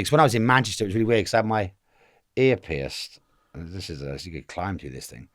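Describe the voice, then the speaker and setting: A man's voice: low-pitched, dry recording, studio quality. A man in his fifties from England, telling stories as a guest in a casual interview, rambling and acting out the voices of the people he quotes. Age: 50s.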